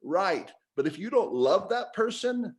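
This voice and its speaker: A man in a casual spiritual discussion, talking in an animated way and laughing readily. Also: high-pitched, measured pace.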